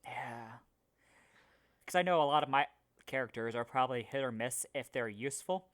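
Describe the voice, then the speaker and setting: A man in easygoing conversation, rambling through loose stories from a game night at a steady middle pitch. He talks over a video call, and his voice sits in the plain middle of the range. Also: normal speed. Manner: rambling storyteller, animated and loose. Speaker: podcast co-host. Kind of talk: casual chat.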